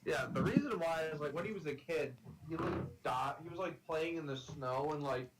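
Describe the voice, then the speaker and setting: A man's voice: a little high, moderate pace, heavy background noise. A young man streaming a game, talking in a rambling, filler-heavy, swearing way. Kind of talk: casual chat on a game stream.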